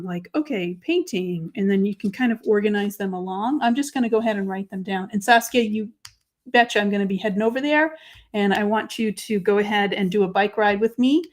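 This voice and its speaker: A woman hosting a live crafting show, chatting with viewers and talking through each step, her voice dropping to quiet murmurs while she writes. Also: medium pitch, fairly quick. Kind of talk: live crafting chat, answering viewer comments.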